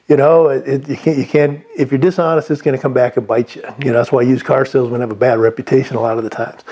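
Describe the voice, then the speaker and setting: Mellow-voiced man giving rambling sales advice. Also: medium pitch. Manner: rambling, many restarts and fillers. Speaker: sales trainer. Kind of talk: unscripted sales advice talk.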